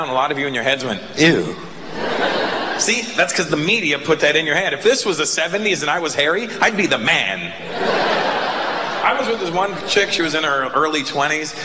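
A man doing a self-deprecating stand-up comedy routine. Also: on the high side. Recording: echoey hall with loud noise.

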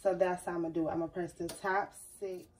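A woman's voice: lowish voice, little pitch movement, fast talker. Nervous chatty woman vlogger. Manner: nervous, chatty, addresses viewers as y'all. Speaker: crafting vlogger. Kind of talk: casual tutorial chat to viewers. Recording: slightly distant mic with faint noise.

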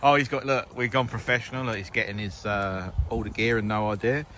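A man in a relaxed, teasing mood, giving a running commentary as he films his friends outdoors. He laughs easily and ribs the others. Loud outdoor noise sits under his voice. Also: lowish voice, brisk. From England. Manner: jokey, teasing, laughs often. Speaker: vlogger filming a magnet fishing outing. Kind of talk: casual filmed running commentary. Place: outdoors by a river. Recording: noisy outdoor recording.

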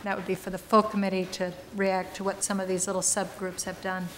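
A woman on a school board lays out a committee's plans in a plain, explanatory way. Her pitch barely moves. Faint room noise sits under her voice. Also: completely flat delivery, brisk, a bit bright, big-room sound. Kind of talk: public meeting report.

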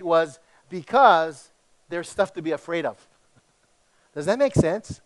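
A middle-aged male pastor from Hawaii with a slight tinge, preaching in an animated, conversational way with many restarts. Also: sits high, moderate pace. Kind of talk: sermon.

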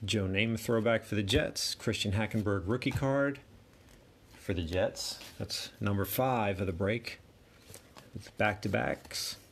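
A man's voice: on the low side, unhurried, creaky, a little hiss or hum. A man hosting a card break, casually calling out each card and chatting to himself as he opens packs. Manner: rattles off card names, chatty asides to himself. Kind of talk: casual card-opening commentary.

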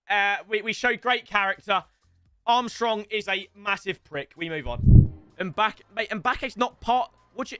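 A young man commentating casually over a football video game, excitable and swearing, with sudden shouts and mutters. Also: high-pitched, no echo. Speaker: gaming streamer.

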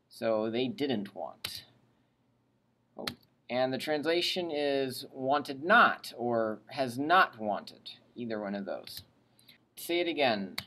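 A woman's voice: very deep voice, lively intonation, a bit bright. A woman teaching Latin grammar in a recorded lesson, drilling verb endings aloud and adding chatty, plain asides. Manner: drills conjugations aloud, pausing for students to repeat.

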